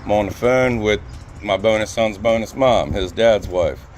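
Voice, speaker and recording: A man filming himself on his phone outdoors, loudly and insistently telling a police officer about a complaint. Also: fairly low pitch, normal speed, a little hiss or hum. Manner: loud, insistent, repeats himself. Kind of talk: heated street complaint. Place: outdoors on a city street. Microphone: phone held by speaker.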